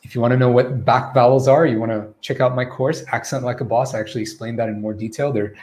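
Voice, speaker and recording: A man's voice: mid-range voice, fairly even intonation, fast talker, darkish tone. A man teaching pronunciation in a live online Q&A lesson, modeling vowel sounds and checking in often with "okay?" and "right?".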